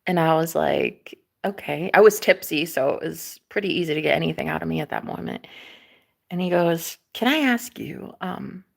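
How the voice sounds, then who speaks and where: A woman's voice: low voice, normal speed, creaky. A young woman telling a personal story in a casual, chatty way, swearing freely and acting out what others said. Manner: animated, chatty, swears freely, acts out quoted voices.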